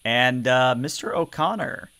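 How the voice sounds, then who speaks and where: A man running a tabletop game, narrating and answering players in an easy, hesitant manner. His voice is mid-pitched and dry, close to the mic with no room sound. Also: measured pace, pushed and bright, clean tone, no echo. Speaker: game master.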